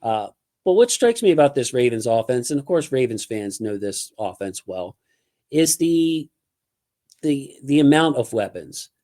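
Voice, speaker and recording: A man's voice: medium pitch, unhurried. Emphatic man hosting a sports chat. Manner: animated, emphatic. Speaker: podcast host.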